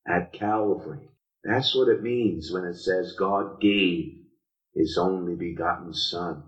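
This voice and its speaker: A man preaching an evening sermon in a church, slow and deliberate, with dramatic pauses between phrases. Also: low-pitched. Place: church sanctuary. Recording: echoey, distant, dull church recording.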